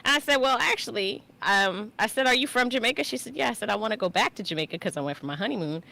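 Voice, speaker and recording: A woman co-hosting a casual writing chat over a video call, telling stories in an expressive, colloquial way. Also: a little high, fast talker, gravelly.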